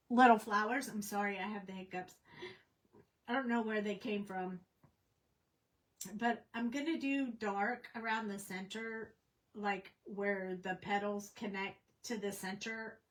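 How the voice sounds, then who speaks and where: A woman's voice: mid-range voice, rough recording. A woman casually teaching a coloring tutorial on a livestream, chatty and rambling with plenty of fillers. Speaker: craft instructor.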